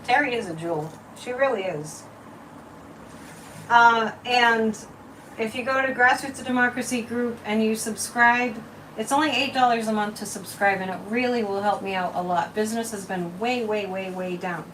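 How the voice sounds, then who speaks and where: Woman, casual livestream host, higher voice, chatty and teasing; distant mic. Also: normal speed, a bit bright, a little hiss or hum. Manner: chatty, repetitive, mocking, with frequent laughs.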